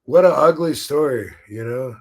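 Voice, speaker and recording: A man's voice: mid-range voice, moderate pace, darkish tone. A man hosting a podcast, telling a story in a laid-back, casual way, swearing freely and laughing now and then. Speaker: podcast host.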